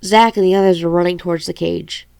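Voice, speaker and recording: A woman reading her own novel aloud in a halting way, with stumbles and self-corrections. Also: on the low side, fairly even intonation, creaky, a little mellow, clear, resonant tone, no echo.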